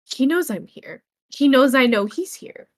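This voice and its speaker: A woman's voice: high voice, wildly swooping pitch, unhurried, darkish tone, pitched above the performer's own voice, exaggerated voice. A woman doing a restless, ranting young man. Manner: mutters and rants under his breath.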